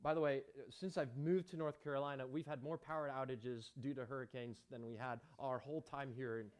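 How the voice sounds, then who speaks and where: A man's voice: mid-range voice, steady tone, a little fast. A man preaching a sermon as pastor, emphatic, with rhetorical questions and chatty asides to the congregation.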